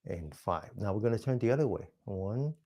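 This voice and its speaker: Calm man guiding breathing exercises. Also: lowish voice. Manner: calm step-by-step instructions, counting slowly; drops to a soft whisper for breathing phrases. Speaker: mindfulness exercise instructor. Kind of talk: guided movement and breathing class.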